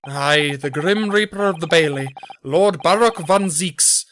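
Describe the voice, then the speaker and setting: A streamer reading game dialogue aloud, voicing a flamboyant, boastful rich gentleman in a put-on Irish accent. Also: mid-range voice, a little slow, slight background noise, natural voice. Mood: theatrical. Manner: grandiose, indignant, theatrical.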